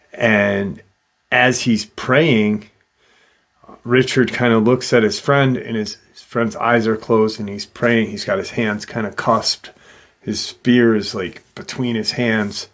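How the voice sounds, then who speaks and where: Slow-spoken man retelling a story. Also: on the low side, fairly bright tone. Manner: casual, loose with fillers. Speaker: paranormal channel host. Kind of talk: retelling a witness encounter.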